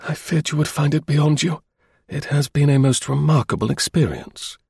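A man voicing a brisk, dry-witted middle-aged detective in a crisp, measured and confident manner. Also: a little high, a little mellow, no echo, heavily acted.

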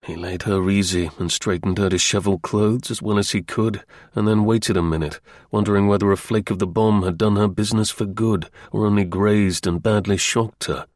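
A man reads a novel aloud with a measured, unhurried delivery. His voice sits low. The sound is dry and close, with no room around it. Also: fairly even intonation, darkish tone, no room sound. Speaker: narrator. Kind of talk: scripted audiobook narration.

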